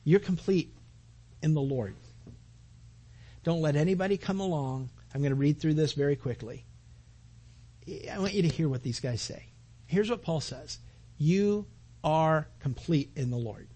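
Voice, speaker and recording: A man preaching a sermon as a pastor, earnest, repeating his phrases and building to loud emphatic peaks. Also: fairly high pitch, a little slow, long pauses, husky.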